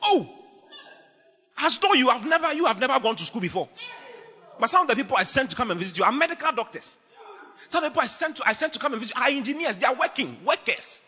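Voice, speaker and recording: A man preaching a lively, humorous sermon as pastor, teasing his congregation with bursts of shouting. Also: very high voice, fast, long pauses, big-room sound.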